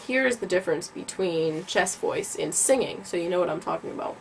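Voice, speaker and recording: A woman with the tail end of a cold giving a casual yodeling lesson, explaining slowly and patiently with many ums. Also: fairly low pitch, expressive, gravelly, a little hiss or hum. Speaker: yodeling teacher.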